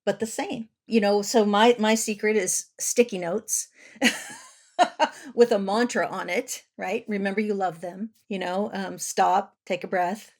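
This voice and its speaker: A woman's voice: mid-range voice, steady tone, measured pace, darkish tone. A woman hosting a podcast interview, talking in an enthusiastic, conversational way. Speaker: podcast host and therapist.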